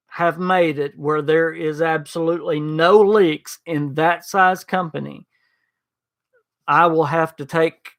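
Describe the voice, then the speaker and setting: Gravelly man chatting with viewers. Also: fairly high pitch, a bit bright. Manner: rambling, stammering restarts, addresses chat by name. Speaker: podcast host reading live chat. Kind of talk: casual livestream chat.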